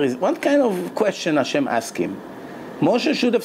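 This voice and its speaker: A man giving a Torah lecture as a rabbi, animated and dramatic, laughing often and acting out quotes. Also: sits high, normal speed, slight background noise.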